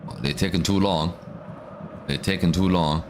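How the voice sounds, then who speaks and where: A man doing live football reaction commentary as a watch-along streamer, excitable and ranting, often repeating himself. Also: sits low, moderate pace, noisy background.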